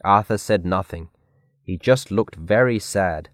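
A man reading a children's picture book aloud in a careful, clear read-aloud manner. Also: fairly low pitch, unhurried, fairly bright tone, no echo, studio quality. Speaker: storybook reader. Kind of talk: scripted narration of a children's story.

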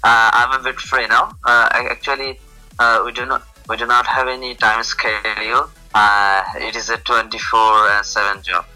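A man's voice: medium pitch, little pitch movement, normal speed, pushed and bright, poor audio. A man from Bangladesh, a police officer, talking as a guest over an internet call with many hesitations. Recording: compressed online call with faint music.

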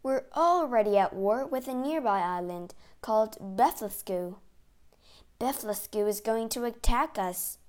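A man's voice: high-pitched, expressive, unhurried. Woman playing a frantic male court secretary. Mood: urgent.

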